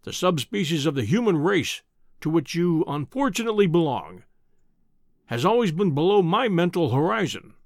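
A man voicing a pompous, booming older male professor who talks down to his listener in an audiobook reading. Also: sing-song, moderate pace, no echo, clean studio sound. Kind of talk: audiobook character voice.

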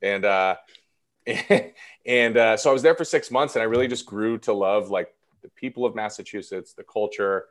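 A man in his thirties talks as an actor guest on an interview show, his voice sitting low. He rambles in an easy, self-deprecating way, full of fillers. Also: normal speed. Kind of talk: casual interview chat.

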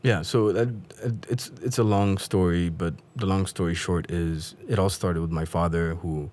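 Deep-voiced man telling stories, laughing. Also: fairly even intonation, normal speed, darkish tone. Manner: laughing, chatty storyteller. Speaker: guest, comedian. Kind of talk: casual interview chat.

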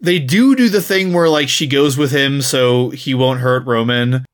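A man's voice: mid-range voice, unhurried. A man co-hosting a podcast, casually retelling a book's plot with laughs and swearing. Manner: laughing, profane, animated storytelling. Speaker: podcast co-host.

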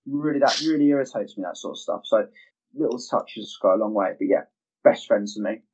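A man's voice: lowish voice, brisk, a little mellow, breathy edge. A man co-hosting a casual podcast, talking in an emphatic, opinionated way. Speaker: podcast co-host. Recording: dull lo-fi audio.

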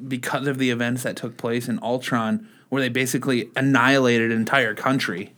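A man's voice: medium pitch, fairly even intonation, fairly quick, a bit bright. A man chatting casually and opinionated, cursing offhand. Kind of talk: casual podcast chat.

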